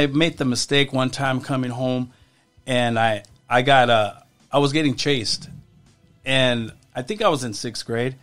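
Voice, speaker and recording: A man as a podcast guest, telling stories from his past in a casual, halting way, often restarting his sentences. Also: mid-range voice, fairly bright tone. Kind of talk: casual storytelling.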